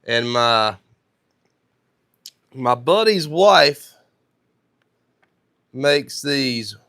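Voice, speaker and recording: A man's voice: mid-range voice, animated, drawn-out words, pushed and bright, clean tone. Man with a thick North Carolina accent. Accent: thick North Carolina Southern. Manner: chatty, reads viewer comments aloud and answers them. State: sore throat. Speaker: woodworking live streamer. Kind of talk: casual live-stream chat while working.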